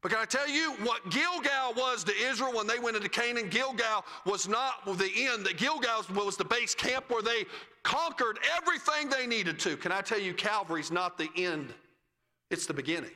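High, bright-voiced preacher man. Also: moderate pace, in a large hall. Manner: preaching cadence, rising to shouts and dropping low at phrase ends. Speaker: pastor. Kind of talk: sermon. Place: church sanctuary.

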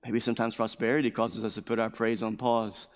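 A pastor preaching a sermon with emphatic delivery, repeating key phrases and acting out scripture quotes. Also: male voice, lowish voice, level tone, brisk. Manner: acts out scripture quotes in a raised voice. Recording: long hall reverb.

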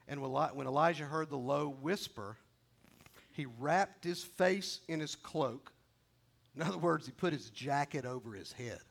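Gravelly high-voiced male preacher. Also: normal speed, long pauses. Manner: repetitive, exhorting, emphatic. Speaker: pastor. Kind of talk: sermon.

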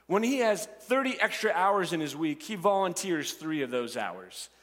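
Animated male pastor preaching in a hall. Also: on the high side, normal speed. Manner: animated, acts out voices of the crowd and the characters. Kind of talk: sermon.

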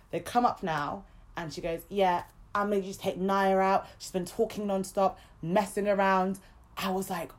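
Animated young woman telling stories. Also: medium pitch, moderate pace. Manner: animated, swears freely, acts out other people's lines. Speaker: podcast co-host. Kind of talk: casual storytelling chat.

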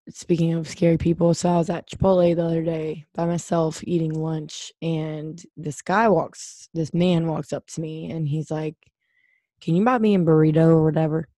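A woman's voice: deep voice, little pitch movement, normal speed, warm tone, dry recording. A woman co-hosting a podcast, telling a story in a loose, chatty way with lots of fillers. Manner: chatty storyteller, frequent "like" and laughs. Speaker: podcast co-host. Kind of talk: casual chat.

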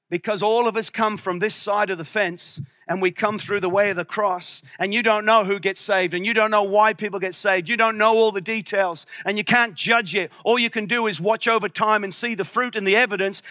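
Brief: passionate male pastor, sharp bright tone, dry close sound. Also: high-pitched, no echo. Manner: passionate, at times shouting. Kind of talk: sermon.

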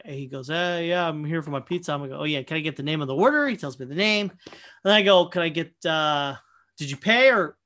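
A young man casually telling a profane, animated story, full of fillers and quoted asides. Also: on the high side. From Michigan, USA. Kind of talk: casual anecdote chat.

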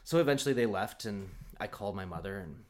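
Animated man telling a funny story. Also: lowish voice, quick pace. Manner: animated, acts out quotes, laughs often, many fillers. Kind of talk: casual comedic storytelling.

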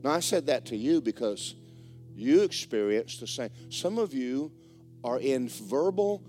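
A man preaching a sermon as the pastor of a church, telling a story in a lively way that swings between hushed and loud. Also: mid-range voice, a little slow. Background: faint guitar music.

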